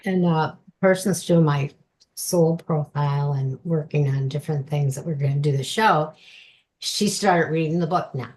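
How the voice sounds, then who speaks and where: In a casual interview, a woman author shares personal anecdotes chattily and laughs frequently. Her low voice is a little mellow and moves at normal speed, with a slight hiss or hum in the background.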